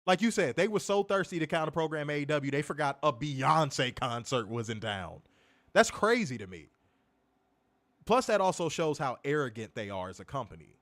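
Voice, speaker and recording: A man's voice: on the high side, normal speed. A man co-hosting a wrestling review show, reading comments and ranting casually with plenty of profanity. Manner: animated, profane, laughing rants.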